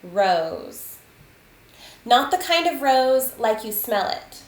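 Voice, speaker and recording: A woman teaching a spelling lesson to children, patient and deliberate, sounding out letters and counting aloud. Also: fairly high pitch, sing-song. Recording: echoey room, faint ambient noise.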